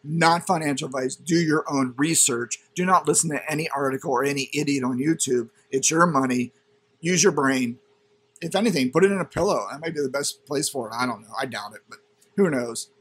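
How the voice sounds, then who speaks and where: A man's voice: a little high, a little fast, fairly bright tone, husky. A man hosting a crypto channel, reading a news item aloud and ranting at it with sarcastic, indignant commentary.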